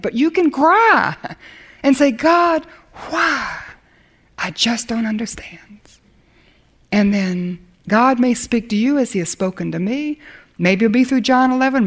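A woman delivers a sermon in an earnest, emphatic voice that sits a little high for a woman. At moments she drops into a quiet hush to make a point. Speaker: Bible teacher.

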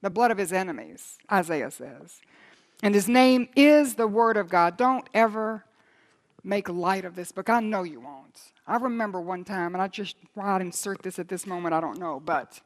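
A woman preaching a sermon on scripture, dropping to near-whispers and then rising into loud, ringing proclamation. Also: mid-range voice, lively intonation, moderate pace.

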